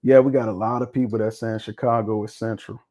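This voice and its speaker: A man's voice: lowish voice, fairly even intonation, brisk, warm tone. A man hosting a livestream in a loose, joking, profane way, laughing often. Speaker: livestream host. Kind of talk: casual livestream chat.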